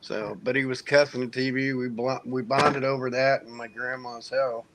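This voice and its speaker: A man's voice: medium pitch, flat delivery, normal speed, background noise. Laid-back, profane male veteran storyteller. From United States (Indiana). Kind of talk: casual storytelling in a group hangout.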